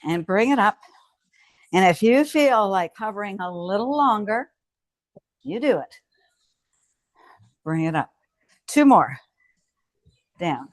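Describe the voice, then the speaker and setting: Very animated yet slow, with frequent pauses, a medium-pitched woman coaches a home strength workout with no room sound. She calls out each move and cheers the viewer on encouragingly.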